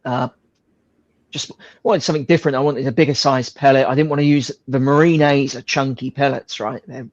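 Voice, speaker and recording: A man in a relaxed casual chat, swearing now and then and laughing easily, apparently on a video call from home. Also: medium pitch, fairly quick, no room sound, muffled recording.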